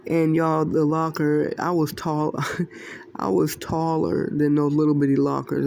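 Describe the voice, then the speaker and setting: Slow-talking lady telling her dreams to viewers, rambly, laughs a lot, kinda gravelly voice. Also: low-pitched, mellow, a little hiss or hum. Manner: rambling, repeats phrases, often laughs. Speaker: Christian video creator sharing dreams. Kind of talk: casual testimony to viewers.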